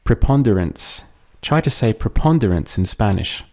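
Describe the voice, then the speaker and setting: Guy teaching vocab slow and patient, lowish mellow voice, pauses so you can repeat. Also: animated. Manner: slow, patient, drills words and pauses for repetition. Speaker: language teacher. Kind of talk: language lesson.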